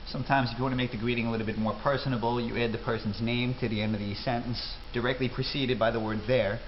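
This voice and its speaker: Wisecracking New York man, quick delivery, faint hiss behind. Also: mid-range voice, steady tone, lo-fi sound. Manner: brash, wisecracking, matter-of-fact. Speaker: accent tutor. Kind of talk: comedic tutorial.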